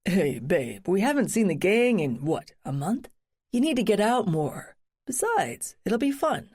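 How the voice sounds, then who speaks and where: A woman's voice: medium pitch, big pitch swings, unhurried, darkish tone, breathy edge. A woman voicing a young man, an upbeat, eager boyfriend in an audiobook, speaking in a breezy, coaxing way.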